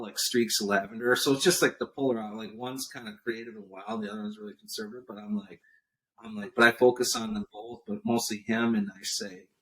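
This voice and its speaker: A man talks through a story as a podcast guest. His pitch sits in an ordinary middle range. He plays out the lines of others as he goes. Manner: animated storyteller acting out quotes. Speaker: guest entrepreneur. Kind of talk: storytelling interview chat.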